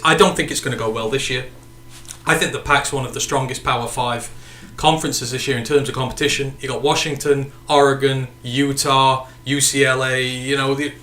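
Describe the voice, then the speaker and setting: A man's voice: medium pitch, bright, forceful tone, roomy sound. A man from the United Kingdom co-hosting a casual sports podcast, chatting and reading out viewer comments. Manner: chatty, reads out viewer comments and sign-offs. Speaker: podcast co-host.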